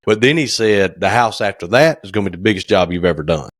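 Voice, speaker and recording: This cabinet maker co-hosts a laid-back podcast, speaking fast and animated in a lowish voice. The recording is dry and studio-clean, and he spins folksy tales, playing out phone calls as he goes.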